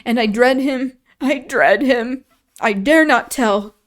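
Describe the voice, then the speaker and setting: A woman's voice: fairly high pitch, measured pace, lightly acted. A woman putting on a frail, sobbing teenage boy. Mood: frightened. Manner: pleading, breathless and tearful. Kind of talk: novel read aloud on a stream.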